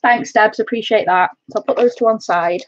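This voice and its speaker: A woman's voice: on the high side, brisk, highs cut off. A woman from North Wales with a Welsh accent hosts a craft live stream, chatting casually and calling her viewers "my love".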